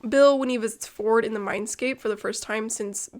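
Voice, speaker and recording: A young woman co-hosting a podcast, chatting excitedly, swearing freely and laughing often. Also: fairly high pitch, moderate pace. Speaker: podcast co-host. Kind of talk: casual chat.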